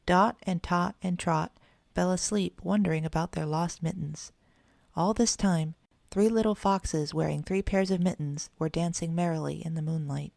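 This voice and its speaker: A woman narrating a children's storybook in a steady, gentle read-aloud manner. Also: lowish voice, normal speed, creaky, no room sound, clean studio sound. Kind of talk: storybook reading.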